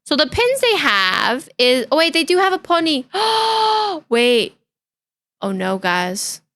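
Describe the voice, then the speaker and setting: A woman's voice: sits high, big pitch swings, measured pace, fairly bright tone. A young woman streaming live, chatting casually in a bubbly, giggly, easily distracted way.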